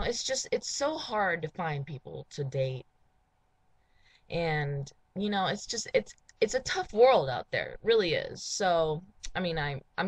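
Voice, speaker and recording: A woman talking to camera in a casual confessional vlog for a dating profile, halting and emotional, full of sighs and restarts. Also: on the low side, no room sound. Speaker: person making a dating video.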